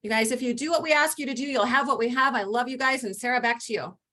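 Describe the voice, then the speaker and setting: Energetic woman giving a rallying pep talk. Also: on the high side, fast talker. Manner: energetic, rallying, addresses listeners as "you guys". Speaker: team leader. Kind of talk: motivational team talk.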